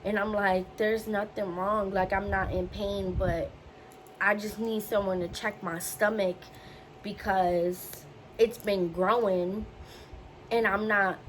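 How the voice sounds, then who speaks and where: A woman's voice: medium pitch, slight background noise, poor audio. Chatty young woman telling a story. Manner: chatty, animated, acts out quotes. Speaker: vlogger. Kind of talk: casual storytelling.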